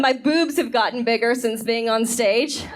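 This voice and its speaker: A woman's voice: a little high, normal speed, loud music behind the voice. A woman in her thirties doing a stand-up comedy set on a club stage, chatty and self-deprecating, acting out bits, on a handheld mic. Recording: live stage recording, loud audience.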